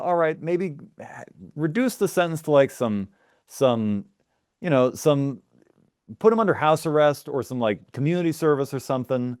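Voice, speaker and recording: A man's voice: on the high side, animated, normal speed, a little mellow, dry recording, studio quality. A man co-hosting a casual podcast, ranting with mock outrage. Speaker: podcast co-host. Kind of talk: casual chat.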